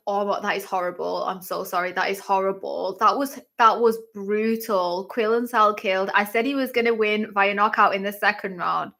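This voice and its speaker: A woman hosts a live fight-watching stream, talking casually with plenty of fillers. She breaks into excited exclamations as she reacts. Her voice sits mid-range with a gravelly vocal fry. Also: medium pitch, normal speed, hardly any pauses. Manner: chatty, filler-heavy talk. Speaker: livestream host.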